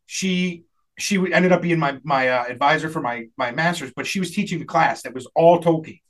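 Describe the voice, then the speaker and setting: A man's voice: fairly high pitch, fairly quick. A man telling a rambling funny story in casual chat, laughing often and acting out the people he quotes.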